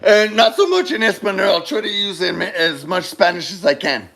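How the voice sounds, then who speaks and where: A man's voice: sits high, animated, normal speed, a bit bright. A man giving a casual motivational talk, rambling and repeating himself, swearing now and then and calling listeners brother. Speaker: speaker giving a monologue on love.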